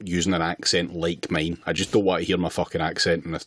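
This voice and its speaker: A man's voice: low voice, level tone, fast, fairly bright tone, breathy edge, no room sound. A man co-hosting a podcast in casual chat, making dry, laconic remarks. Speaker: podcast co-host.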